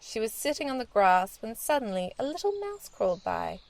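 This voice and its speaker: A woman reading a children's storybook aloud in a gentle, expressive storytelling manner. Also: fairly high pitch, brisk, creaky.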